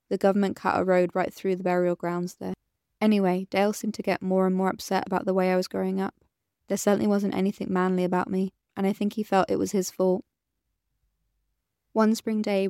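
A woman's voice: medium pitch, smooth, no room sound, clean studio sound, natural voice. A woman reading a tender, confiding woman. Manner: soft and pleading. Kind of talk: audiobook character reading.

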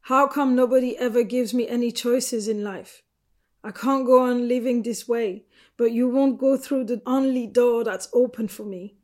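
A woman's voice: on the high side, fairly even intonation, slow pace, darkish tone. A woman reading the dialogue of a hurt, angry young butch lover being left, in a raw bitter tone.

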